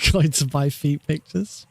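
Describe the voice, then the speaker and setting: A man's voice: a little high, slow pace, creaky, a little hiss or hum. A man chatting casually on a live stream while practicing a speedrun, laughing often and swearing offhandedly.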